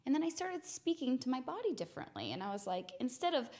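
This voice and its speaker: A young adult woman hosting a mindfulness podcast, telling a personal story in an earnest, reflective way and slowing down to stress key words. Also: high-pitched, big pitch swings, darkish tone. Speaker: podcast host.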